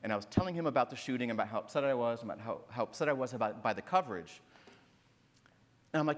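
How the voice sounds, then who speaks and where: This is a man with a mid-range voice talking fast with lively intonation. An author from northern Minnesota, USA, he recounts a personal story on stage at a literary festival, earnestly and emphatically, repeating himself and ending points with "right?", in a large hall whose reverberant acoustics come through in the recording.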